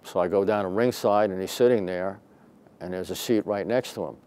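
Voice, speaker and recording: An older man, a retired detective and boxing referee, telling a story in an interview, animated and profane, acting out the dialogue. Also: low-pitched, brisk, smooth.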